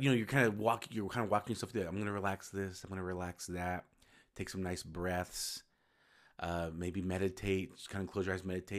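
A low-voiced man talks through his solo podcast in a loose, unscripted way. He wanders, restarts phrases and fixes his own words as he goes. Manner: rambling, self-correcting, informal. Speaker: podcast host. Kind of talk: casual solo podcast talk.

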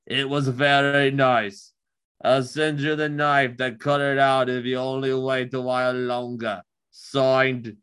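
A drunk, deranged Cockney man with a low, muttered delivery, as a man puts him on. The voice sounds bright and forward. The Cockney accent is thick and slurred. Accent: put-on drunk Cockney.

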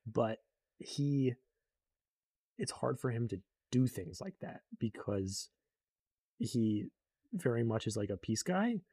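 A man's voice: mid-range voice, animated, takes it slowly, pauses often, mellow, breathy edge, no echo, clean studio sound. A young man casually recapping a book in a rambling way, full of fillers, and briefly acting out the characters he quotes.

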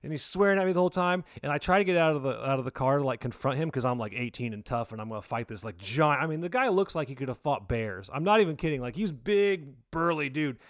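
Guy in his 40s on a podcast, casual chat, gets loud and squeaky telling stories, dry mic. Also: fast talker, few pauses, no echo. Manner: excitable storyteller, jumps pitch for quoted voices. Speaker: podcast co-host. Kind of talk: casual chat, animated storytelling.

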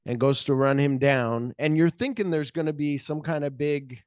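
A man's voice: on the high side, steady tone, moderate pace, a little mellow, clean tone, no echo. A man co-hosting a podcast, retelling a film's plot in casual chat and acting out the characters' lines, swearing freely. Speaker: podcast co-host.

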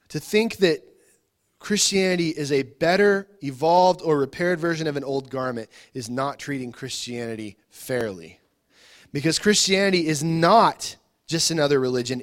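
Man, pastor, relaxed sermon, somewhat high voice, chatty, repeats himself, questions to the room. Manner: informal, repeats words, asks the audience questions. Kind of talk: conversational sermon.

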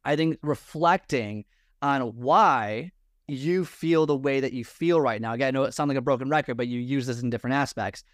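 Speaking at a moderate pace with a medium pitch, a man who mentors people on fitness and lifestyle offers advice as a podcast guest. He wanders, says things twice and keeps restarting his sentences, surrounded by a room full of personal belongings. The sound is studio quality without echo.

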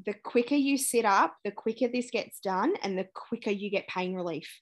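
Her voice sits in the middle range and moves at a moderate pace as this young Australian podcast guest openly recounts something that happened to her. She voices the quotes of the people involved and laughs throughout.

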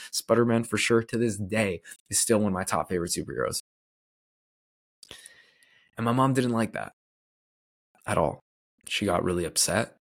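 Earnest low-voiced male podcast host. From Canada. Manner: earnest, candid, loose with "like" fillers. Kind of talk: personal storytelling monologue.

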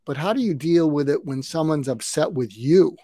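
Older guy in his 70s, calm coachy talk, kinda high voice, dry close sound. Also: normal speed, no echo. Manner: calm, advice-giving, acts out sample dialogue. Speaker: conflict coach. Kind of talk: podcast interview guest.

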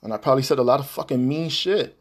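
A man's voice: mid-range voice, fast. A man hosting a podcast, delivering a heated, profane, repetitive monologue addressed to an ex-partner. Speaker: podcast host.

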